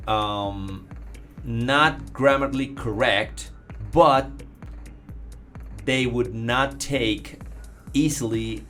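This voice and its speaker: Male host, hesitant, restarts a lot, mid-pitched, faint music under him. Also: extremely slow, fairly bright tone. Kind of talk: casual interview.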